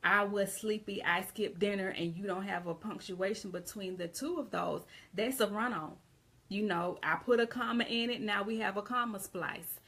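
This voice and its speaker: Southern American woman, casual grammar teacher, gravelly voice, rambles and restarts. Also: mid-range voice, moderate pace, a bit bright. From Southern United States. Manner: conversational, repeats and restarts phrases. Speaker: English teacher. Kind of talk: casual online grammar lesson.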